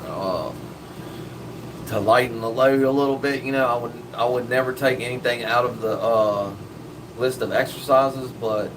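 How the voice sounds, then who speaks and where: A man's voice: fairly low pitch, far from the mic, background noise. A man hosting a live stream in casual chat, laid-back and slangy, swearing freely.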